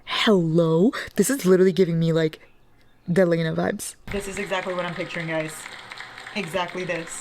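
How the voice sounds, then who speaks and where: A young woman filming a casual reading vlog at home, dramatic and gushing, with lots of swearing. Her voice sits a bit low for a woman. A faint hum of noise runs under her talk. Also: fairly even intonation, moderate pace, darkish tone. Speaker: book vlogger.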